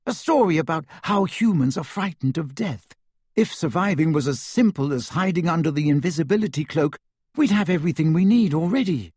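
A man's voice: fairly high pitch, animated, brisk, a little mellow, slightly rough, no room sound, clean studio sound, pitched above the performer's own voice. A man reading aloud voices a clever, exasperated teenage girl witch with a firm, sarcastic manner. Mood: firm, sceptical.

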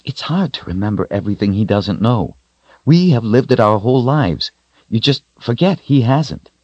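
Man doing stern young woman confessor, raised pitch, firm. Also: expressive, normal speed, a little mellow, dry recording, highs cut off, natural voice. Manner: stern, admonishing.

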